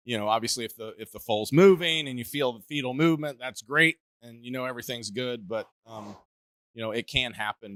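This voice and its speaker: Bright-voiced man explaining as a vet. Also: medium pitch, dry recording. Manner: explanatory, with many restarts. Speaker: equine veterinarian. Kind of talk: interview explanation.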